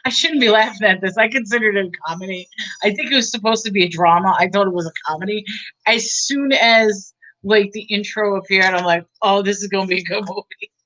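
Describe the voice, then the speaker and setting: A woman's voice: medium pitch, a little fast, a bit bright, rough recording. A woman giving a casual, rambling movie review, chatty and giggly, with many fillers.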